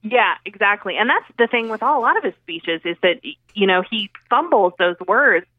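A woman's voice: medium pitch, expressive, a little fast, no echo. A woman from Oklahoma, a journalist guest, chatting casually about politics with plenty of fillers over a phone line. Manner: chatty, agreeable, many fillers.

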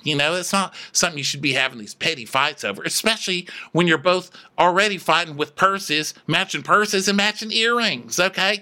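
A man co-hosting a podcast, recapping a show in casual comedic chat, campy and animated. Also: high voice, a little fast, few pauses. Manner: animated, campy, acts out quoted lines. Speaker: podcast co-host.

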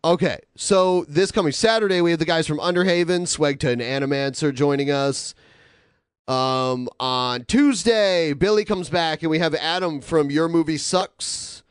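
A man's voice: on the high side, moderate pace, clear, resonant tone, dry recording, studio quality. A man hosting a casual podcast, rambling through announcements and reading donation messages aloud with lots of filler words. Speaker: podcast host.

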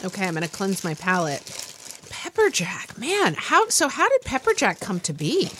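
A woman's voice: mid-range voice, wildly swooping pitch, moderate pace, a bit bright, slight background noise. A woman co-hosting a podcast in casual chat, curious and asking questions. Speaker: podcast co-host.

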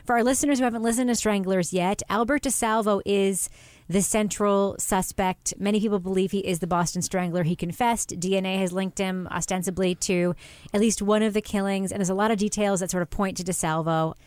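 A woman's voice: medium pitch, steady tone, brisk, a little mellow, smooth, dry recording. A woman hosting a casual podcast discussion who leads the talk and laughs often. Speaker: podcast host and editor.

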